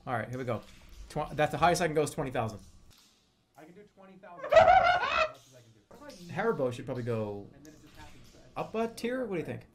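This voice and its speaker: A man streaming live in casual banter, joking, laughing often, swearing and bursting into shouts. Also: medium pitch, sing-song, quick pace, heavy background noise.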